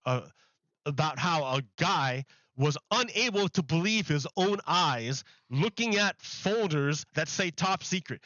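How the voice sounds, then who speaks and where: Host: high bright male voice, profane sarcastic ranting, dull dry mic. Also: no echo. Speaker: streamer host. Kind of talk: ranting commentary over clips.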